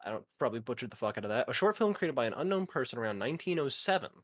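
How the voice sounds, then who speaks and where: A man in his twenties chats casually with a friend, reading facts aloud and swearing now and then. His medium-pitched voice is sing-song and rapid-fire.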